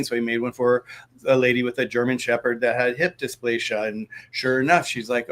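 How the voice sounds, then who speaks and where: A man, a guest in a conversation, telling a story in an animated way and acting out the dialogue as he goes. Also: mid-range voice, a little fast.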